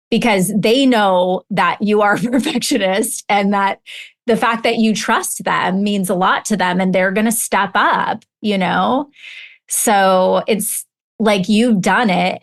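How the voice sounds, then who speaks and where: Middle-aged woman hosting a podcast, reflective, affirms her guest, talks things through. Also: mid-range voice. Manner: reflective and affirming, thinks aloud. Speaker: podcast host, business coach. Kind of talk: conversational interview.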